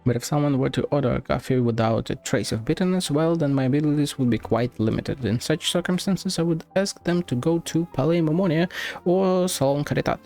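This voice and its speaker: A genteel café proprietor from a game who speaks in formal, measured sentences, as a man reads the part. The voice is a little high with a gravelly fry. Quiet game music sits in the background. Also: natural voice. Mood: courteous. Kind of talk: reading game dialogue aloud.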